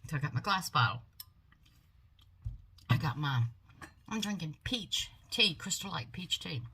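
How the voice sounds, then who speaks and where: An older woman shows off her buys in a chatty, folksy manner, her voice low-pitched yet bright and forceful. She talks from a home office into a phone. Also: lively intonation, measured pace, breathy edge. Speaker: haul vlogger. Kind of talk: casual product haul chat.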